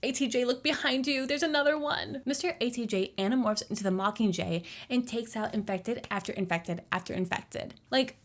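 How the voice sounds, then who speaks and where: A woman's voice: on the high side, a little fast, few pauses. A young woman giving a casual, jokey movie recap, full of slangy asides.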